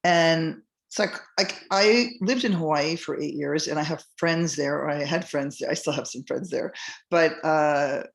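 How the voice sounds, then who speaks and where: A woman's voice: low voice, unhurried, vocal fry. A middle-aged woman hosting a podcast, telling a personal story in a loose, rambling way, full of fillers and restarts and acting out what others said. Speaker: podcast host. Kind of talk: casual first-person storytelling.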